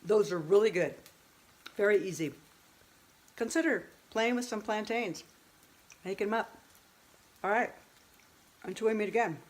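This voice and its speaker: A woman in her fifties speaks a little slowly in a mid-range, darkish-toned voice, pausing often as she hosts a home cooking vlog. Chatty and self-mocking, she thinks aloud while working in her kitchen. The recording is rough, with sizzling and clattering dishes in the background.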